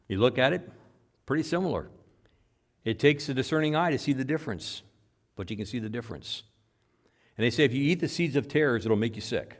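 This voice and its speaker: Man preaching a sermon, rising and falling. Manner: preaches with big swings in pitch and loudness, repeating phrases for emphasis. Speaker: pastor.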